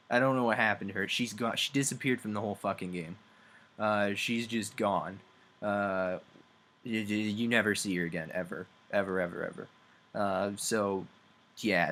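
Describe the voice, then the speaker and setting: A man's voice: on the low side, fairly bright tone. A young man casually talking through a video game story, rambling, with many fillers and frequent chuckles. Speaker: game reviewer.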